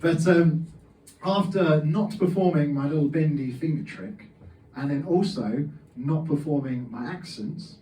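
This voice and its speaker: A man's voice: fairly high pitch, a little slow, a little hiss or hum. A young man performing a stand-up comedy set in a packed comedy club, acting out his dad's lines in his anecdotes. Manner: animated storytelling, plays out his dad's lines. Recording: roomy club sound from a distant camera. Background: faint audience laughter.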